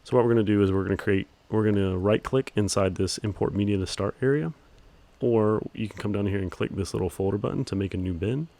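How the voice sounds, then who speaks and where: Explaining each click in a screen-recorded tutorial, this video editing instructor speaks in a very low, even monotone that he himself calls monotone. His delivery is relaxed and steady, with frequent ums filling the pauses.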